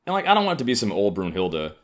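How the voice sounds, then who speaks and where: A man's voice: fairly low pitch, wildly swooping pitch, rapid-fire, a bit bright. A man in his thirties from Harlem, hosting a solo comedy podcast with sardonic, profane riffing. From Harlem, New York. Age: 30s. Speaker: podcast host.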